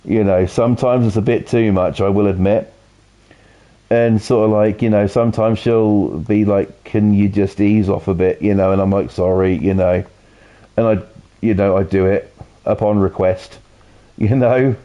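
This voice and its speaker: British guy streaming, low mellow voice, swears a lot and rambles, kinda dull lo-fi mic. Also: fairly even intonation, unhurried. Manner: rambling, heavy swearing, lots of "you know". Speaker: game streamer. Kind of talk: casual stream chat while playing. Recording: dull lo-fi audio.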